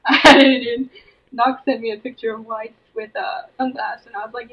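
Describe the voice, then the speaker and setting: A woman's voice: fairly high pitch, steady tone. Giggly woman on a muffled call. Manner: giggly, quick reactions. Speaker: guest. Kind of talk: casual chat.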